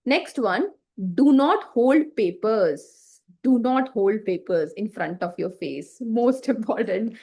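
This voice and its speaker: Higher-pitched woman teaching an online class. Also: expressive, slow pace, warm tone. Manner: explains with frequent fillers and check-in questions; acts out bad examples to demonstrate.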